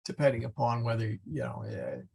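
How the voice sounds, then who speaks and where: A man teaching a Latin class, explaining slowly and patiently with many fillers. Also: medium pitch, very animated, vocal fry, a little mellow, husky. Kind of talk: online class lecture.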